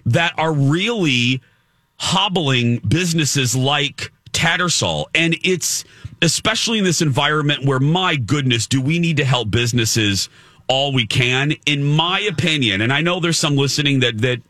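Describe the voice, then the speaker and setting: A man's voice: fairly high pitch, measured pace, pushed and bright, dry recording, clean studio sound. A man co-hosting a morning radio show, chatting casually with many fillers and self-mocking restarts. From Indiana. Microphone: studio microphone.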